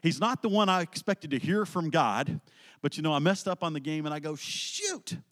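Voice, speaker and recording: A man's voice: on the high side, fairly quick, a bit bright, big-room sound. A man preaching an earnest, emphatic sermon, weaving in personal stories.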